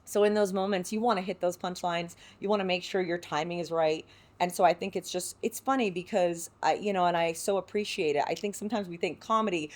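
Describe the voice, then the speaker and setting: A woman with a low voice talks as a podcast guest. She is reflective and heartfelt, thinking aloud with plenty of filler words. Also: quick pace. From San Diego, United States. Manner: reflective, heartfelt, full of "you know" fillers. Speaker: actress guest. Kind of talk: podcast interview.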